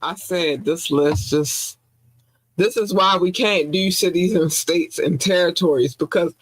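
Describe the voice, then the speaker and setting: A woman hosts a podcast in relaxed, chatty talk. She is effusive and giggly and often breaks into high squeals. Her voice sounds close and dry, with no room sound. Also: measured pace, breathy edge, no room sound. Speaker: podcast host. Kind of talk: casual podcast chat, shout-outs to listeners.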